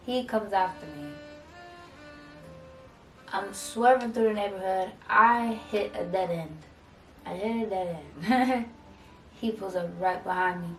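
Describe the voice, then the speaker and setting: A young woman vlogger casually telling a storytime, acting out both sides of an argument in an animated way. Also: medium pitch. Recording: echoey room, mic at a distance, faint music.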